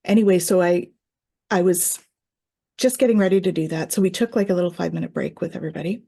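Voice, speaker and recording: A woman's voice: fairly low pitch, fast talker, gravelly, warm tone, husky. A woman who teaches Reiki tells a personal story in casual chat, acting out quoted voices and laughing often.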